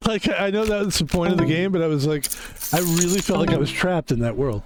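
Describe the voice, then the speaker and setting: A man's voice: a little high, fairly quick. A man streaming a game, chatting casually in a rambling, tired way with lots of fillers. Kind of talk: casual gaming stream chat. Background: game music.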